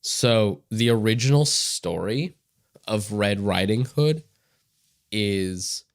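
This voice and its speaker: A man co-hosting a podcast who speaks slowly, his pitch swinging widely. He protests his partner's crude jokes in an exasperated tone. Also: animated. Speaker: podcast co-host. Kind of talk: casual podcast banter.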